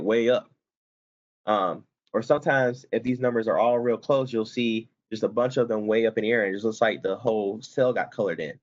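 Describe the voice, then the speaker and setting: Casual man teaching a software lesson. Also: mid-range voice, lo-fi sound. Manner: casual, talks students through steps, self-correcting. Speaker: instructor. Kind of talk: screen-recorded software tutorial.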